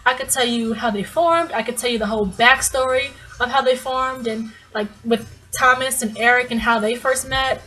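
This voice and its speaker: A woman's voice: fairly high pitch, normal speed, bright, forceful tone, poor audio. A young woman vlogging casually, telling a story in a bubbly, gushing way with lots of restarts. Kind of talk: casual fan vlog storytelling.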